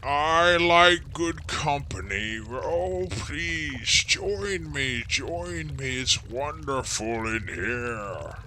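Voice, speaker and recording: A man's voice: a little high, animated, extremely slow, few pauses, noisy background, voice pushed up. A man voicing an aged, blind male cloud giant with a shaky voice who rambles fondly and struggles to hear. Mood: welcoming. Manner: rambling, doting, hard of hearing.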